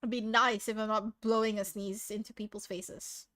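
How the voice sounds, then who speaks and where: Her pitch is medium and her delivery flat, moving at a moderate pace with a slightly bright edge. She's hosting a livestream and chatting casually, giggly, rambling and self-deprecating, a bit sniffly from sneezing, on a noise-suppressed desk mic.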